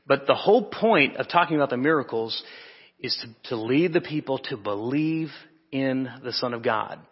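A pastor giving a relaxed, conversational sermon to an evening congregation, pausing with fillers and correcting himself. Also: male voice, mid-range voice, breathy edge. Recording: muffled, reverberant church hall.

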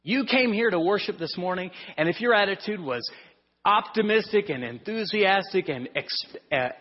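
A pastor preaching a sermon in a conversational, storytelling way with rhetorical questions. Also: male voice, high voice, slightly rough. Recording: muffled sound in a reverberant hall.

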